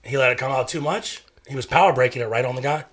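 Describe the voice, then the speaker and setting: A man hosting a podcast, telling loud, rowdy stories in casual chat, laughing and swearing often. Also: mid-range voice, fast talker. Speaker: podcast host.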